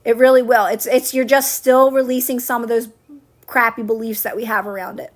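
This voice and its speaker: A woman's voice: a little high, fairly even intonation, fairly quick. A woman coaching viewers on a livestream, chatting casually, answering comments and repeating her phrases to reassure. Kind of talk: casual live-stream chat answering comments.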